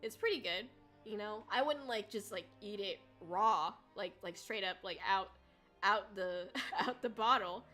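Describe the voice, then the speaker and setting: A young woman chatting casually on a livestream, rambling and giggly with bursts of excitement. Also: mid-range voice, a little slow, soft background music. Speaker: VTuber streamer.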